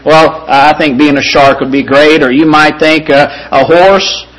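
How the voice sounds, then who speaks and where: A male pastor preaching a sermon in an earnest, conversational way, slowing down and softening on scripture and key points. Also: a little high, fairly even intonation, rough recording.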